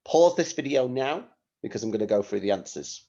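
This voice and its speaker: Lively sing-song male teacher. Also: mid-range voice, a little fast, gravelly, muffled recording. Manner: patient, sing-song, spells words letter by letter. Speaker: primary school teacher. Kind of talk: recorded phonics lesson for young children.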